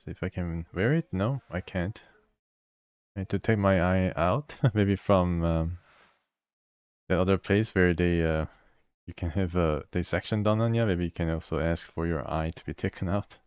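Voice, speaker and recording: A man playing a video game, reading its text aloud and thinking out loud as he goes. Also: deep voice, normal speed, smooth, no room sound. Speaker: gamer. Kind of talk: let's play commentary.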